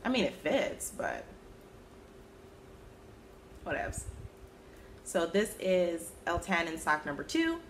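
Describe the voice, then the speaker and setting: A woman with a fairly low voice chats casually through her knitting podcast, amused at herself and prone to sudden squeaky exclamations. A faint hiss of background noise sits under the recording. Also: big pitch swings, takes it slowly, pauses often. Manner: chatty and self-amused, with sudden high-pitched exclamations. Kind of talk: casual chat.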